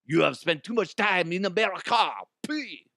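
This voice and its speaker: A man voicing an outraged male shopkeeper, shrill and exaggerated. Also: expressive, moderate pace, vocal fry, bright, forceful tone, no room sound, studio quality, exaggerated voice. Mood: indignant. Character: outraged French male shopkeeper, fussy and disgusted.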